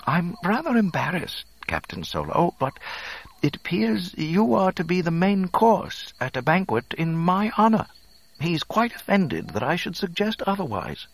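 A fussy golden protocol droid with a prim, worried voice pitched far up, crackling with gravel under the strain. Every word is proper and anxious. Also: male voice, big pitch swings, unhurried, full character voice. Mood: embarrassed. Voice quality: high, fretful and proper.

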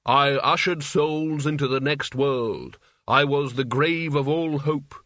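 A solemn figure of Death speaks in a slow, grave voice, as a male narrator plays him. Each word is measured and unhurried. The recording is dry and close. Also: a little high, fairly bright tone, no echo.

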